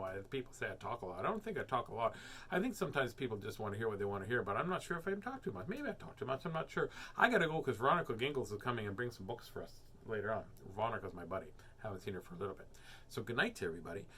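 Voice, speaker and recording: A man's voice: mid-range voice, fairly bright tone. A man hosting a children's reading show, chatting casually and playfully to his viewers. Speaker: children's book reader and host.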